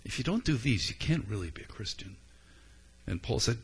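A man preaching a sermon as a pastor, in an earnest, conversational way with frequent pauses and ums. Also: mid-range voice, very animated, fairly bright tone, slightly rough.

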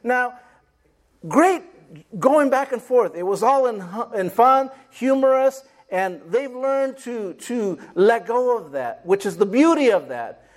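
A man's voice: very high voice, animated, unhurried, darkish tone. A man preaching a sermon, calling for amens and acting out little stories as he goes. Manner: preaching with call-and-response amens and acted-out stories. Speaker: pastor.

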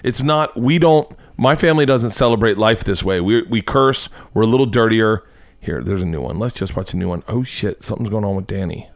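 A man's voice: fairly low pitch, brisk, dry recording. A man hosting a comedy podcast, rambling and swearing as he riffs on videos he watches. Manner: profane, rambling, laughing. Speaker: podcast host. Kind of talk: casual comedic commentary.

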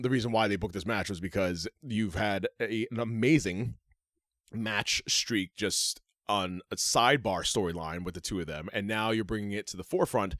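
Low-voiced man reading wrestling news. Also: no room sound, clean studio sound. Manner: reads news items aloud with asides, laughs often. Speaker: podcast co-host. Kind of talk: casual wrestling news chat.

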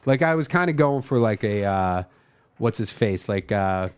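Swearing, animated male storyteller. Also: on the low side, normal speed, clear, resonant tone, no echo. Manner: animated storyteller acting out quotes, swears freely. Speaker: stand-up comedian telling a story. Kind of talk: casual podcast chat.

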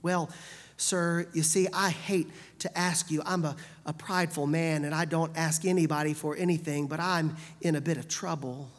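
A woman's voice: low-pitched, steady tone, normal speed. A woman voicing a humble, apologetic man who hesitates and then pleads in a rush. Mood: pleading. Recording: long hall reverb.

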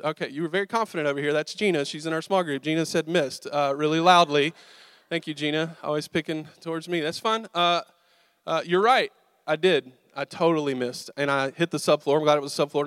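A man's voice: on the high side, fairly quick, a bit bright, smooth, no room sound, studio quality. A young man, a pastor telling a self-mocking story from the pulpit and joking with his audience. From American South. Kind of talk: storytelling sermon. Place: church sanctuary.

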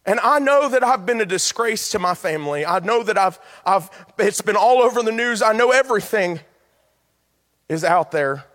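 Ashamed young ex-con voiced by a male preacher, earnest and pleading, high-pitched, long hall reverb. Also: lively intonation, moderate pace, a bit bright. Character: ashamed young male ex-convict heading home.

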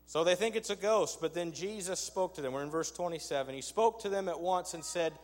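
A man's voice: sits high, a little fast, hardly any pauses. A man preaching a sermon, conversational and emphatic, with rhetorical asides to his congregation. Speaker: pastor. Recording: long hall reverb.

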